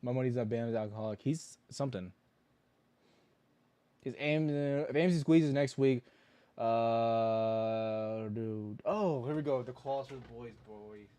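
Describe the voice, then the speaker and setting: A young man hosts a loose livestream about trading, talking in a rambling, slangy, joking way. His voice sits at an ordinary middle pitch, and every so often he jumps into loud, mocking bursts. The sound is dry and close, with no room around it. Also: a little slow, no room sound. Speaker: livestream stock trading host. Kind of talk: casual livestream chat.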